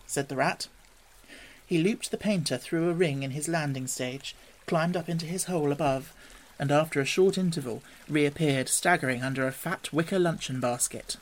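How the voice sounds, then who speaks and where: Calm storybook narrator, middle pitch, steady and measured reading. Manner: calm, measured, softer than the dialogue.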